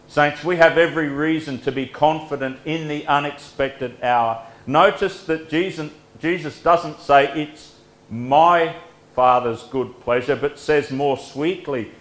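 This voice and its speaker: A man delivers a devotional sermon in a slow, gentle and earnest manner. His phrases often sink softly at their ends. The recording has a noticeable roomy echo. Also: a little high. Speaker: preacher.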